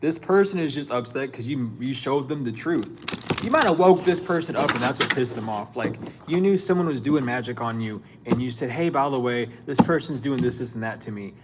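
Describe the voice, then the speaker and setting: A man's voice: medium pitch, background noise. Blunt, profane man giving a spiritual reading. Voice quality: profane, blunt, street-style slang. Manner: animated and scolding, with quick laughs. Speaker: spiritual reader. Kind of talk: casual spiritual reading to camera.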